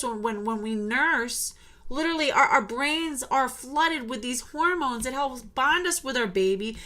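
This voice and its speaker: A woman's voice: high-pitched, bright, forceful tone. A woman in her thirties, a birth worker, giving a blunt, emphatic monologue and swearing when heated. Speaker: birth worker and podcast host. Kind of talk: impassioned monologue.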